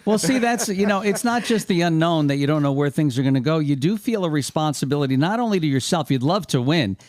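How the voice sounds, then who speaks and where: Older male radio host, quick talker, slightly high voice, dry close sound. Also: animated, a little mellow, dry recording. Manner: talkative, leading long questions. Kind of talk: radio interview.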